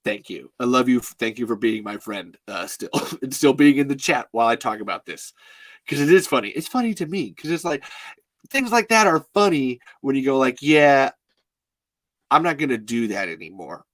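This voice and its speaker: A man in his thirties hosts a live stream and tells a long story in a loose, rambling way, full of "like" and easy swearing. He breaks into laughter often. His voice sits at an ordinary middle pitch and sounds dry and close, with no room echo. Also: sing-song, brisk, a bit bright. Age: 30s. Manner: rambling and laughing, heavy use of "like", swears freely. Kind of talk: casual storytelling to a live chat.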